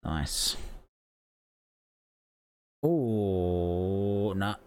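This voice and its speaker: A man giving casual, excitable live commentary, swearing freely and gasping at the big moves. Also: sits low, extremely slow, clean tone. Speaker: watch-along commentator.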